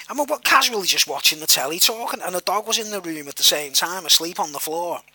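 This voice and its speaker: A man's voice: high voice, expressive, fast, bright, forceful tone, breathy edge, dry recording. A man telling a personal story in a rambling, repetitive way, full of fillers and the odd swear word. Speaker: vlogger.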